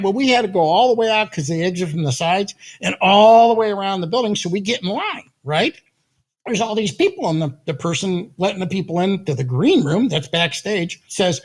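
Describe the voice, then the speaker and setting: An older man, a guest in an interview, telling animated stories with a slightly husky voice, acting out quotes and laughing often. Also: high-pitched, fairly quick. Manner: lively anecdotes, acts out quotes, laughs often. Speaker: guest, audio company founder. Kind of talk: animated storytelling in conversation.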